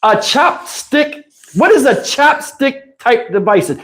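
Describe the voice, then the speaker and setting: A man telling a comic story on a livestream in an animated, emphatic, slangy way, with lots of cursing, into a lapel mic. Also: very high-pitched, slow pace. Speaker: livestream host. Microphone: wireless lapel mic.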